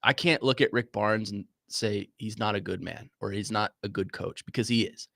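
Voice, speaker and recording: A young man co-hosting a sports radio show, talking in a halting, emotional way and stumbling over his words. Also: lowish voice, gravelly, fairly bright tone, no echo, clean studio sound. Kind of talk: casual sports talk.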